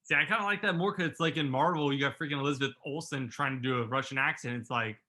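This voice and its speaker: A man's voice: mid-range voice, fast, sharp tone. A man co-hosting a podcast, chatting casually about a movie and thinking aloud with lots of fillers. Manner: rambling, thinks aloud with many "like"s. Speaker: podcast co-host. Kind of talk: casual movie review chat.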